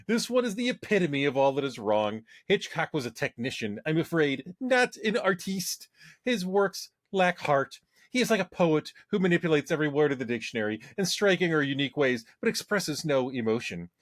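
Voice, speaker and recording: A man's voice: a little high, very animated, normal speed, no room sound, clean studio sound. Playful man co-hosting a podcast. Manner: playful, laughs often. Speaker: podcast co-host. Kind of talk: casual chat.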